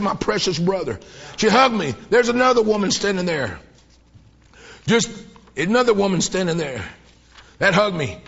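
Fervent high-voiced preacher. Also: male voice, vocal fry. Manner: fervent storytelling, voice rising to shouts of praise. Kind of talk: sermon. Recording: dull lo-fi old tape.

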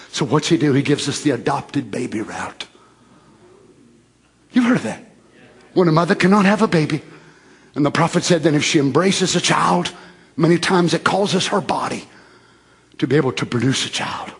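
A man preaching a fervent sermon, repeating phrases and rising to shouts. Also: a little high, gravelly, husky.

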